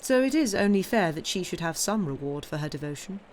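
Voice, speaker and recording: A woman reading aloud and voicing a scheming middle-aged stepmother who speaks in a smooth, ingratiating way. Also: fairly low pitch, expressive, a little fast, darkish tone, a little hiss or hum, lightly acted.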